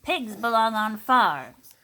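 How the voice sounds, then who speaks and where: A woman voicing a bossy older woman who is stern and sure of herself, speaking slowly and emphatically. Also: fairly high pitch, expressive, sharp tone, full character voice. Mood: stern, scolding. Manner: emphatic, slow and scolding.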